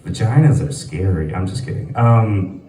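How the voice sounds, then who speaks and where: A male stand-up comic rambling through his set with lots of fillers, his pitch swinging all over the place. He chuckles at his own jokes. The room is echoey and he sounds some distance from the mic. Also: lively intonation, normal speed, mellow. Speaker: stand-up comedian. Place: small comedy venue, sparse audience.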